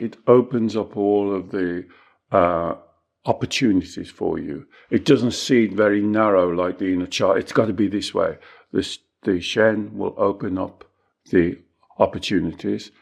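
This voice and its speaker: A man teaching and coaching in a calm conversation, measured and reassuring, repeating phrases for emphasis. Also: sits low, vocal fry.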